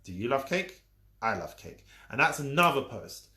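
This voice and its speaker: A social media coach hosts a live stream, teaching viewers casually while he talks emphatically, repeats his points and teases his audience. His mid-range voice is sing-song and sharp in tone at a moderate pace, with a roomy echo on the recording.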